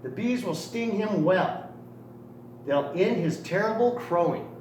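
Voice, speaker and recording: Storybook part: a man doing a fat, greedy sultan barking orders, high-pitched and lively, in a roomy space. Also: measured pace. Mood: commanding. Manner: bossy barked commands. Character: big fat male sultan, greedy and angry. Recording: roomy echo, distant mic, faint noise.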